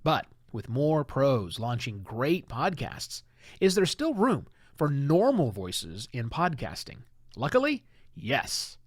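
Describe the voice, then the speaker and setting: A man hosting a solo podcast, talking in an animated, emphatic and conversational way. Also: medium pitch, takes it slowly, no echo, clean studio sound. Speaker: podcast host.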